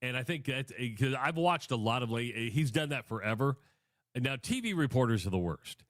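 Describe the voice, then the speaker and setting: A man co-hosting a sports radio show, chatting in a measured, conversational way. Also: medium pitch, very animated, dry recording, studio quality. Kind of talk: casual sports talk. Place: radio studio.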